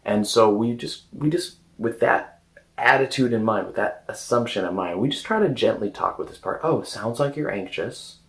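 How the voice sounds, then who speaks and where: A man speaking as a coach in a casual self-help talk, gentle and hesitant, often restarting his sentences. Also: fairly low pitch, animated, moderate pace, creaky, low-quality recording.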